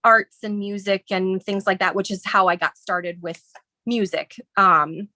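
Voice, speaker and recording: A woman's voice: medium pitch, fairly even intonation, unhurried, bright, forceful tone, no room sound. A woman from near St. Louis, a guest designer who explains a stencil project in a friendly, chatty way and laughs often. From Southern Illinois, near St. Louis. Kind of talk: casual craft demonstration.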